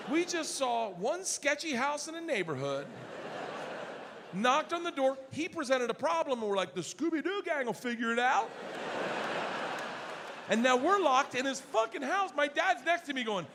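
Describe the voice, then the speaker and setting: A male stand-up comedian telling a story on stage, loud and profane, acting out his family's voices. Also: very high voice. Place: large theater stage with audience laughter. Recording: live hall recording with ambient noise.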